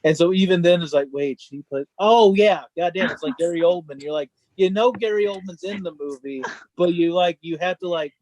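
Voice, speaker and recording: A man's voice: sits high, a little fast, hardly any pauses, darkish tone, no echo. A man co-hosting a casual theater chat show, blunt and swearing freely. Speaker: podcast co-host.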